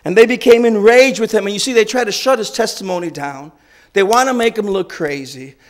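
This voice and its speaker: A man preaching a sermon, retelling a story in an animated, conversational way. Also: high-pitched, fairly quick. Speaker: guest preacher.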